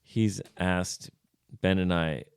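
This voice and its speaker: A man's voice: sits low, fairly even intonation, takes it slowly, clear, resonant tone, no echo, studio quality. A man co-hosting a casual podcast, chatting easily and reading listener messages aloud. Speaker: podcast co-host.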